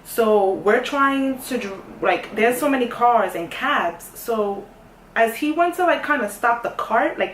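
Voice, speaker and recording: A young woman tells a story in a sassy, animated way, swinging from hushed to loud. Her voice sits a little high. She sounds a bit far from the mic, in an echoey room. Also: a little hiss or hum. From New York. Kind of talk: casual storytime.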